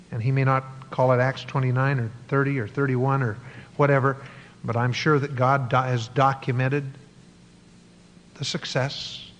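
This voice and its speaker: A male pastor delivers a sermon at a steady middle pitch, leaning on key words and rolling through long lists before closing in prayer. His voice carries a long reverb from the church hall, with a faint hiss of noise underneath. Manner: earnest preaching with stretched key words and a long listed series. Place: church sanctuary.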